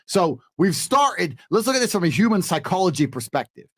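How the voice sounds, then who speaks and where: A man on a podcast explaining dating advice to a panel, emphatic and coaching, dropping into a calm low voice to act out his lines, recorded on a studio mic. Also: brisk. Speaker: podcast guest. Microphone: studio microphone.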